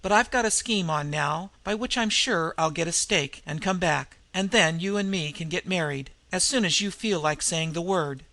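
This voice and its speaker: A man voicing a kind young woman who reads a letter aloud gently. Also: fairly high pitch, moderate pace, hardly any pauses. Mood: reading.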